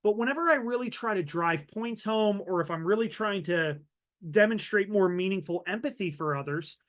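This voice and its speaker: High-voiced animated man presenting a webinar. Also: moderate pace. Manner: animated, varies loudness and pace for emphasis. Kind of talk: virtual training talk.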